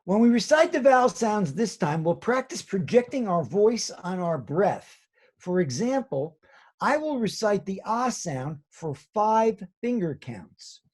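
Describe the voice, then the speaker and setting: A male drama teacher leads children through voice warm-ups, speaking slowly and patiently. His tone is a little husky, and his pitch rises and falls freely as he counts and models each sound. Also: very animated. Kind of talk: guided classroom instruction.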